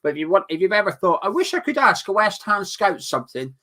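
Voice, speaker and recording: A man co-hosting a casual football chat, jokey and brisk, plugging the channel between bits. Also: sits high, sing-song, pushed and bright. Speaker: co-host.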